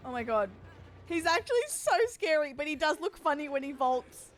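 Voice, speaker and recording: A young woman streaming a game, chatty and excitable, breaking into frightened screams. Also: sits high, normal speed, slight background noise. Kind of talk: casual live-stream chat while gaming.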